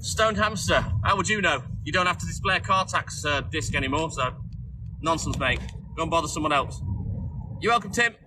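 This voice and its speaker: Over background noise, a North Welsh-accented livestream host from North Wales talks briskly in a slightly high, expressive voice. He keeps a casual, wry chat going, replying to viewers by name.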